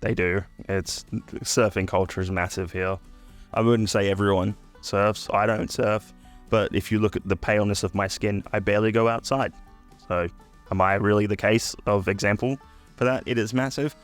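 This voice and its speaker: A young Australian man vents to camera in a casual, sweary rant. His voice sits low, and his blunt delivery breaks into jokey asides and sudden high-pitched outbursts. Faint music plays behind him. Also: steady tone, moderate pace. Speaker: YouTuber.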